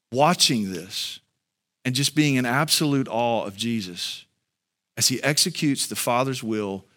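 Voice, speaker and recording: A man delivers a sermon in an earnest, conversational way, talking straight to his congregation. His voice sits at an ordinary middle pitch, then climbs high and loud when he drives a point home. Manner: conversational, addresses the congregation directly. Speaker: pastor.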